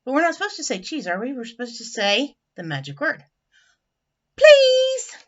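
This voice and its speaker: A woman teacher reading a picture book aloud to children, animated and chatty, with friendly asides. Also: on the high side, quick pace. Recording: dull lo-fi recording.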